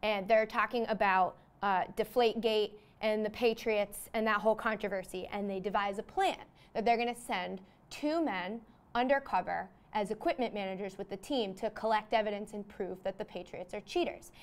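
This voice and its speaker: A woman's voice: medium pitch, steady tone, normal speed, clean tone. A young woman hosting a comedy show, rambling through a made-up movie plot with lots of "like". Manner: rambling, peppered with "like". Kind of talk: comedic monologue.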